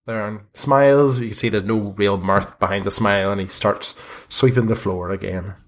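A man's voice: lowish voice, steady tone, normal speed, slight background noise. A man narrating a tabletop game as game master, with hesitant restarts.

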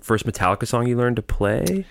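A man co-hosting a podcast, chiming in with quick jokes and eager questions. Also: medium pitch, animated, gravelly. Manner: joking, eager interjections. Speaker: podcast co-host. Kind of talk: casual chat.

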